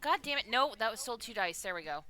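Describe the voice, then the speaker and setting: Woman, bright tense voice, tabletop player, casual, swears loudly. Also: fairly high pitch, expressive, fast. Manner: casual, bursts into loud swearing. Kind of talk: playing a tabletop game.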